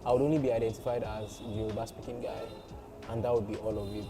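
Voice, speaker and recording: A man's voice: fairly low pitch, fairly even intonation, quick pace, music in the background. A young Nigerian man with a Nigerian accent, a content creator and voiceover artist chatting casually in an interview, laughing and joking at his own expense. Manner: laughing, playful, self-deprecating.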